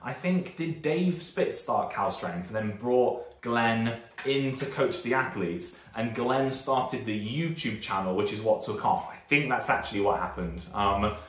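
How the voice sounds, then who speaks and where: A man's voice: medium pitch, lively intonation, unhurried, reverberant. A British man in his thirties, a strength coach, giving a casual and rambling video lesson full of tangents and self-corrections. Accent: British, northern English. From Britain.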